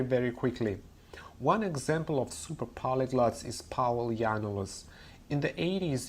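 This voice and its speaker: A man teaching English pronunciation in a webinar, laying out his principles one by one in an explanatory way. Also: medium pitch. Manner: methodical, explanatory, lists principles step by step. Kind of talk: webinar lecture.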